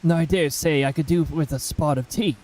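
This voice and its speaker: A man voicing a vain, theatrical gentleman inspector in a put-on posh accent, speaking in a pompous, flowery way. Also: a little high, moderate pace, close to an everyday voice, poor audio. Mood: self-important. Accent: put-on posh British-style.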